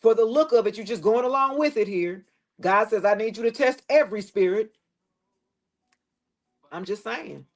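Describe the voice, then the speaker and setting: A woman giving a casual tarot reading to the camera, blunt and preachy, swearing freely and dropping her voice low at times. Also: animated, normal speed, pauses often. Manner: preachy, blunt and profane, with loose slangy phrasing; drops into a lower tone at times. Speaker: tarot reader.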